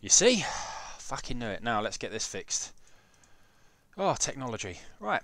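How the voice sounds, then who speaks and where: A man in his twenties or thirties streams a game from home, chatting loosely with viewers. He swears freely and cracks jokes while fiddling with cables and menus. His voice sits at an ordinary middle pitch. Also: very animated, measured pace, a bit bright, dry recording. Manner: chatty, sweary, jokey, talks to chat while fiddling with setup. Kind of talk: casual live gameplay commentary. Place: home room with PC setup.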